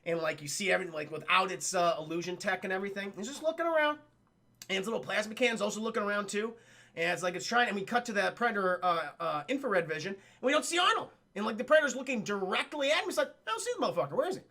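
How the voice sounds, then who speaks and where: Man, livestream film recap, high bright voice, gravelly edge, laughs and acts out lines. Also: fast talker. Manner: animated, laughing, acts out characters' lines, swears a lot. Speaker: streamer reviewing a film. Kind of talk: excited casual recap with live chat.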